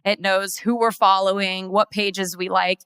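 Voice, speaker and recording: A woman's voice: medium pitch, little pitch movement, unhurried, a bit bright, clear, resonant tone, dry recording. A woman heading marketing for a law firm, giving an organized, businesslike conference presentation.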